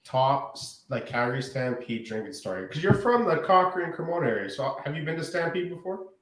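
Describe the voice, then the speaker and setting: A man's voice: fairly high pitch, very animated, fairly quick, a bit bright, echoey room, low-quality recording. A man co-hosting a podcast, asking questions in laid-back casual chat. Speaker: podcast co-host.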